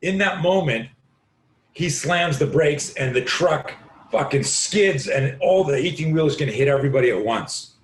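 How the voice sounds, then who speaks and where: A man with a raw, hoarse voice tells a story as a podcast guest. He talks vividly and curses freely, and he jumps into the voices of the people in his story. The sound is roomy and echoey. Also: a little high, expressive, normal speed. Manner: vivid, profane, acts out quoted voices. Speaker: self-defense instructor, podcast guest. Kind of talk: animated storytelling in conversation.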